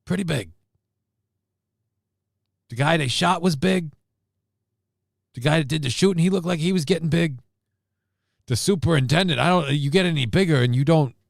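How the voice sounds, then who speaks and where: A man's voice: a little high, gravelly, dry recording, clean studio sound. A man hosting a live stream, riffing sarcastically and rambling through news stories in casual commentary.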